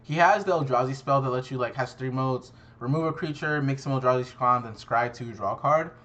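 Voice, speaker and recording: A man's voice: medium pitch, fairly quick, a bit bright. A young man casually recapping a card game tournament, swearing constantly and sounding exasperated and self-mocking. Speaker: card game content creator.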